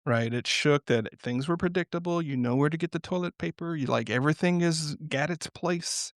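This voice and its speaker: A man talking as a guest in an unscripted podcast conversation, telling stories in a reflective but animated way and often laughing. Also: a little high, normal speed, no echo, studio quality.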